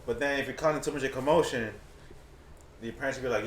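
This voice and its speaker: A young man co-hosting a podcast in casual chat, telling animated stories and slipping into Spanish quotes. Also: medium pitch, fast talker. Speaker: podcast co-host. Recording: roomy echo, faint noise.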